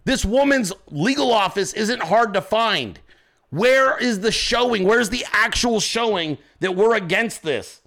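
A man's voice: high voice, animated, a little slow. A man hosting a political show, ranting angrily and swearing constantly. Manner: angry, profane, shouting rant. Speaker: podcast host. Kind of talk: political commentary rant.

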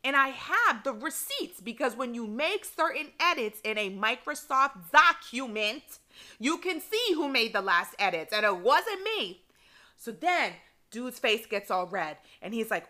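A woman in her thirties recounts a workplace story for her podcast, quick and animated, with an indignant edge. Her voice sits a little high and rings bright. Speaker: podcast host telling a story. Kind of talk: casual storytelling.

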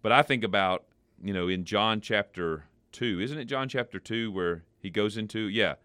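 A man co-hosting a devotional podcast, explaining Bible verses in a conversational, animated way. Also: normal speed, clean tone, no room sound. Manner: animated, playful, jumps in pitch for emphasis.

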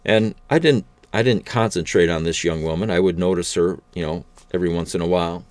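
Low voiced guy preaching a testimony, relaxed storyteller pace, dry close sound. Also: no echo. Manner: unhurried, conversational storytelling with fillers. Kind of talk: personal faith testimony.

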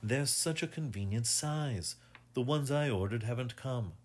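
A man's voice: mid-range voice, unhurried, voice pushed up, lightly acted. A man doing an absent-minded little professor. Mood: apologetic. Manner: apologetic, mildly irritable. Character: small, absent-minded apologetic male professor.

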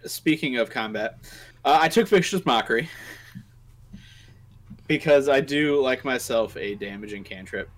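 Chill podcast dude talking game spells, jokey, lots of uhs. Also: male voice, medium pitch, a little slow, long pauses. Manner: relaxed, joking, with many fillers. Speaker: podcast co-host. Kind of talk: casual chat about tabletop game spells.

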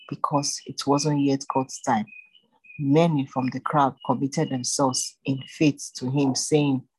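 A reader narrating scripture in a steady, even way. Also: medium pitch, slightly rough, no room sound, low-quality recording.

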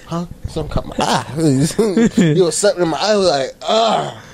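A man co-hosting a casual reaction chat, laughing often and retelling stories in animated quoted voices. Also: fairly high pitch, fairly quick, slight background noise. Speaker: co-host.

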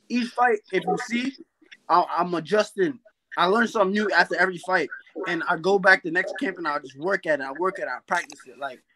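A man's voice: high-pitched, noisy background. A young man from New York, a boxer guest talking casually and rambling with fillers about his fights. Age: young adult. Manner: relaxed, rambling, fillers like "you feel me". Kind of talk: casual interview chat.

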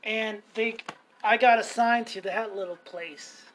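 A man's voice: sits high, steady tone, measured pace, fairly bright tone, low-quality recording. Guy rambling thru a story at home, does little mocking voices for people, bit of faint hiss. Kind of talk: casual chat. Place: home kitchen.

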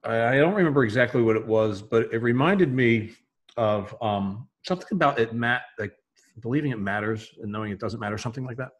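A man from Philadelphia with a Philly accent, hosting a casual conversation in an animated, joking way. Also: mid-range voice, brisk.

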